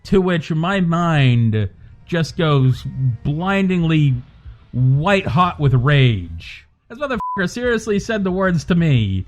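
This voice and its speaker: A young man with a slightly high voice, chatting on a live game stream. He rants in an animated, profane way. Quiet music plays in the background. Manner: animated, swearing, quick rants. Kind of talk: casual live-stream chat.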